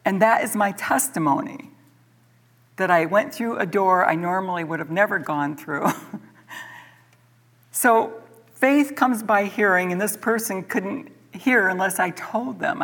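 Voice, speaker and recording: A middle-aged woman leads a church Bible study, telling her story with earnest animation. She often stumbles and repeats words. Her voice sits a little low for a woman. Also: measured pace, a bit bright. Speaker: church teacher.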